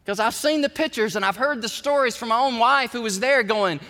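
A middle-aged man preaching a sermon in a church, folksy and animated, acting out the voices he quotes. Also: very high-pitched, brisk, few pauses. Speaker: pastor. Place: church sanctuary. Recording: long hall reverb.

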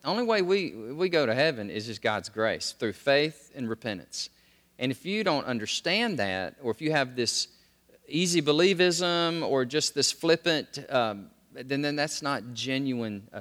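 A man preaching a sermon, swinging between loud, high exclamations and low, quiet emphasis. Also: big-room sound.

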